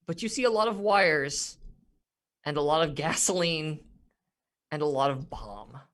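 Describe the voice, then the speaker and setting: A man's voice: on the high side, measured pace, a bit bright. A man narrating as game master of a tabletop game, rambling with many fillers and frequent laughs.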